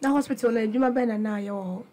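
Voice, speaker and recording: A woman's voice: fairly high pitch, very fast, warm tone. A woman hosting a radio interview, asking questions in Twi and English. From Ghana. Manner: asks questions in Twi and English, short encouraging backchannels. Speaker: radio host. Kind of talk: casual interview.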